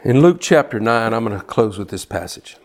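A man's voice: on the low side, lively intonation, fairly quick. A man preaching a fervent sermon who pushes hard, stumbles and restarts, and drives his points home through repetition.

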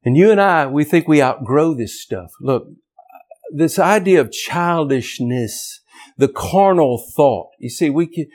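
Impassioned preacher man, fairly high voice. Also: animated, measured pace. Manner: emphatic, climbs in pitch to near-shouting on key points. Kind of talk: impassioned sermon.

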